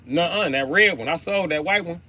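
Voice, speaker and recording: A man's voice: a little high, a little fast, a little hiss or hum. A man on a live stream delivering a profane comic rant, swearing heavily as he goes. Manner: loud, animated, swearing heavily. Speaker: livestreamer.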